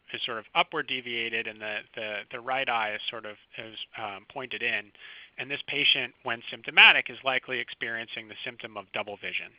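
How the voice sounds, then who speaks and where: A man, a physician, giving a recorded medical lecture over slides, explaining clinical signs in a calm, teaching manner. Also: medium pitch, no room sound. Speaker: physician lecturing first responders. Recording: dry, slightly dull close recording.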